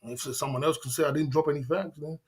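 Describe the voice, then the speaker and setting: A man's voice: fairly high pitch, fairly even intonation, quick pace, slightly rough. A man hosting a casual livestream chat, rambling and defiant, often laughing and asking "you know what I mean". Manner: defiant, boastful. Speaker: livestream host.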